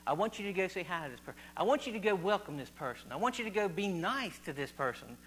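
A man's voice: sits high, expressive, fast, a bit bright, slight background noise. A man from Virginia, preaching an informal sermon and quizzing the congregation with repeated questions. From West Virginia. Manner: chatty, quizzes the audience, repeats phrases.

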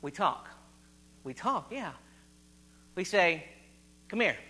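A man's voice: high voice, very animated, slow pace, pushed and bright, slight background noise. A man from Virginia, preaching an informal sermon and quizzing the congregation with repeated questions. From West Virginia. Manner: chatty, quizzes the audience, repeats phrases.

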